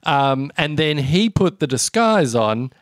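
A man's voice: on the high side, big pitch swings, slow, no room sound, studio quality. A man co-hosting a casual comedy chat, telling a story in a rambling way with many fillers. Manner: rambling storyteller, lots of ums. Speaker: podcast co-host.

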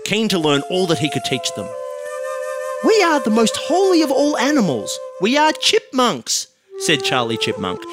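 A man hosting a podcast, reading out an absurd comic story with a deadpan manner. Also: medium pitch. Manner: deadpan, laughing at his own jokes. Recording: music playing under the voice.

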